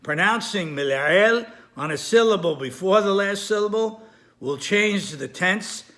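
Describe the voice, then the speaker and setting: A man giving a recorded lesson, explaining carefully with repetition, pauses and small self-corrections. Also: sits high, lively intonation, a bit bright. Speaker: Torah teacher. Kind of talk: recorded lesson on Hebrew grammar.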